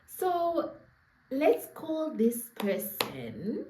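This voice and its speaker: Animated young Namibian woman telling a story. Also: high-pitched, drawn-out words, noisy background. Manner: animated, laughing, playful asides to viewers. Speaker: storyteller vlogger. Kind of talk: casual storytime chat. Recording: echoey room.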